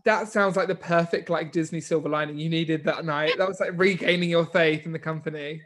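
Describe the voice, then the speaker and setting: A woman's voice: sits low, steady tone, a little fast. A woman hosting a casual chat, asking questions and laughing easily. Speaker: host.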